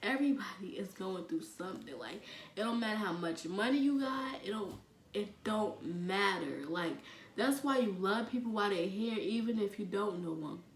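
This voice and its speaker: A young woman from the telling a personal story in a halting way, full of fillers, often sinking almost to a whisper. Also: medium pitch, recorded from a distance. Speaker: vlogger. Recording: echoey room with faint ambient noise.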